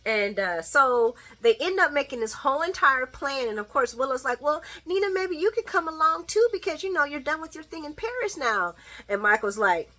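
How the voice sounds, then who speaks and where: A woman casually recapping a soap opera episode, laughing often and acting out the characters' lines in quick little voices. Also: sits high. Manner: animated and giggly, acts out characters' lines. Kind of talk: casual chat.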